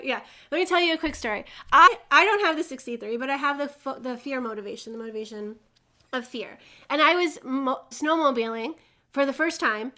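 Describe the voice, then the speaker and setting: A young woman with a high, bright voice leads a casual spiritual lesson. She tells stories animatedly, laughs often and slips into little acted voices. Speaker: host. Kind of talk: casual spiritual teaching monologue.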